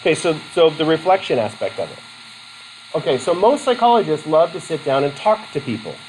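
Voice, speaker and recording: A man's voice: on the high side, sing-song, brisk, a little mellow, a little hiss or hum, poor audio. A man from Vermont teaching a college class, chatty and self-deprecating, with many fillers and restarts as he takes student questions. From Vermont, USA. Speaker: college instructor.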